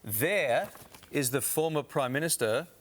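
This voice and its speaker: A man's voice: mid-range voice, lively intonation, a little slow, fairly bright tone. A man co-hosting a morning TV show, bantering with a dry, joking manner. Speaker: TV co-host.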